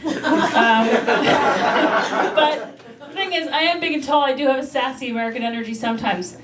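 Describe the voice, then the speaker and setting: A brash woman tears through a self-mocking stand-up set and swears freely. Her voice sits a bit high. She is heard from a distance in an echoey room, with loud noise over it. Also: normal speed. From Canada. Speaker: stand-up comedian.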